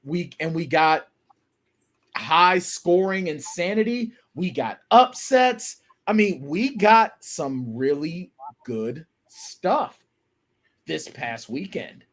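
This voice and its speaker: A man hosting a live sports talk show with an energetic, hyped delivery. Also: on the high side, slow. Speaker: host.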